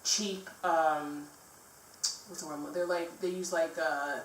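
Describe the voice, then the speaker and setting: Rambling low-voiced woman in an echoey room. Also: steady tone, slow pace, very noisy. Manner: rambling, many fillers and restarts. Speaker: vlogger reviewing a film. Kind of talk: casual chat. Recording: echoey room, mic at a distance.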